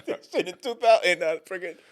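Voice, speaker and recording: A man in his forties hosting a podcast, telling stories in an animated, profane way. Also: high voice, quick pace. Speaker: podcast host. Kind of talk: casual podcast chat.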